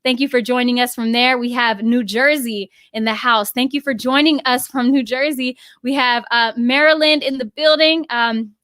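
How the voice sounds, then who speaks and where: Effusive high-voiced woman live-streaming. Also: fairly even intonation, normal speed, few pauses, no echo, clean studio sound. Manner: effusive, reads viewer comments with shout-outs. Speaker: livestream host. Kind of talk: casual live-stream commentary.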